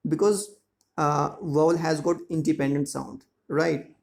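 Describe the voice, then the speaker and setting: A man teaching a school lesson, explaining words slowly and checking that students follow. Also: fairly high pitch, vocal fry, a little mellow. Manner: slow, repetitive explaining with frequent check-ins. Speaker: English teacher. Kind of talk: classroom lesson explaining grammar and syllables.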